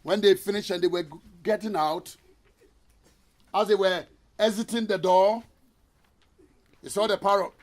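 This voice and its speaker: A man's voice: high voice, fairly even intonation, moderate pace, pauses often. A man giving a motivational seminar talk, telling stories and asking the audience rhetorical questions. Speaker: motivational speaker.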